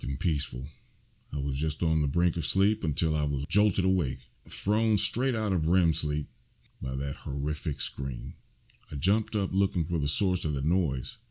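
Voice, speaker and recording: Man, very deep voice, first-person horror story, slow hushed reading, sudden shouts.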